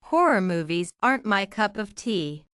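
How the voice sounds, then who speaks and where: A woman's voice: medium pitch, very animated, normal speed, fairly bright tone, smooth, no room sound, studio quality. A woman reading English example phrases in a lesson, enunciating carefully and repeating each phrase. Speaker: English teacher.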